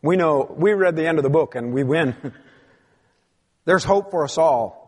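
A man's voice: on the high side, animated, unhurried, a little mellow, husky. Emphatic preaching man in a reverberant hall. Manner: preaching with emphatic rises and drops, reading scripture aloud. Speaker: pastor. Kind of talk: sermon.

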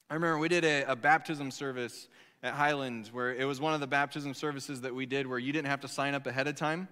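A man's voice: medium pitch, fairly even intonation, fast talker, sharp tone, clean tone. A man preaching a sermon as a pastor, telling stories in a loose, conversational way with frequent restarts. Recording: long hall reverb.

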